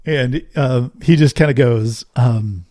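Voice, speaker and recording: A man's voice: mid-range voice, slow, mellow, dry recording, clean studio sound. A middle-aged man hosting a podcast, speaking earnestly in a casual monologue and telling stories, often tossing in a rhetorical "right?". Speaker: podcast host.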